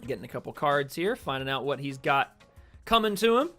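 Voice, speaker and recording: Seated in his streaming chair at home, a young American man gives solo esports-style play-by-play of a shooter game, brisk and medium-pitched, with faint music behind him. He's excitable, getting fired up on big plays and talking with viewers between calls.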